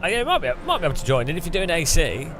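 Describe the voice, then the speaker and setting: A man with an English accent chatting casually to his stream while racing, rambling, with quick outbursts at other drivers. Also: on the high side, wildly swooping pitch, background noise. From England. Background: music.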